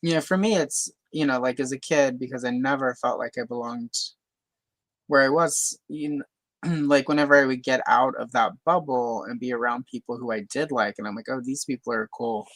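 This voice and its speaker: A woman's voice: a bass voice, normal speed, no echo, poor audio. A woman from Louisiana hosting a casual livestream chat, talking in a chatty way with many fillers and careful, neutral speech. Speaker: host.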